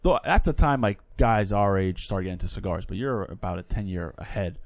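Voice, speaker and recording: A man's voice: lowish voice, brisk, dry recording. A man in his thirties co-hosting a podcast, chatting and asking the guest loose, rambling questions. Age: 30s. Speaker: podcast co-host. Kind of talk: casual interview chat. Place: podcast studio.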